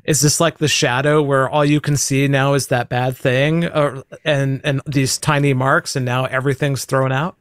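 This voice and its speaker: A man's voice: mid-range voice, level tone, normal speed, hardly any pauses, smooth, no echo, clean studio sound. Brief: male podcast co-host, mid-range voice, reads comments, asks follow-ups. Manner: reads listener comments aloud, asks probing questions. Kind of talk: casual podcast chat.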